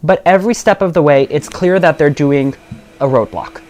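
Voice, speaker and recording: A man's voice: fairly high pitch, normal speed, a little mellow, slight background noise. Earnest young man talking politics. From Southern California. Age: young adult. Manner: earnest, passionate, many fillers. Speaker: guest, local party chair. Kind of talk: casual podcast interview.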